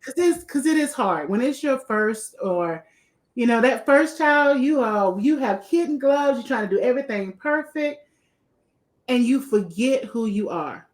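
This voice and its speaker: A woman's voice: fairly high pitch, expressive, measured pace. Effusive middle-aged woman hosting a podcast. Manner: warm, effusive, repeats praise. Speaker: podcast host. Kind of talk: casual interview chat.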